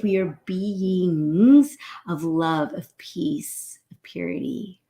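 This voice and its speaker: A woman hosting a gentle spiritual morning talk, often checking in with "right?". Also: on the low side, vocal fry. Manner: gentle, frequently adds "right?". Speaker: host.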